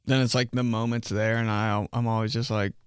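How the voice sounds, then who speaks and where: A man's voice: on the low side, little pitch movement, brisk, clear, resonant tone, no echo, clean studio sound. A young man telling casual comic stories about himself, rambling, full of fillers and laughing at his own jokes. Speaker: comedian. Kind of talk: casual comedic storytelling monologue.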